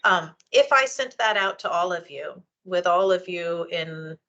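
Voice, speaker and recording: Bright-voiced woman explaining at a meeting. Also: fairly low pitch, animated, unhurried, muffled recording. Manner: explanatory, conversational, with frequent ums and restarts. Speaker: meeting chair, library official. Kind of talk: public board meeting discussion.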